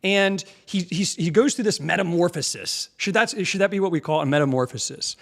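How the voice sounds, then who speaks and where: A young man hosting a political commentary show, combative and mocking, pausing to mimic clips he plays. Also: sits high, a bit bright.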